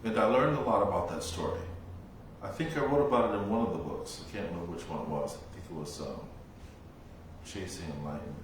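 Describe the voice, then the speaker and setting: Slow-spoken man in an echoey room. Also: deep voice, distant mic, a little hiss or hum. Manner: slow, reflective storytelling with long pauses. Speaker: Buddhist monk teacher. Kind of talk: dharma talk.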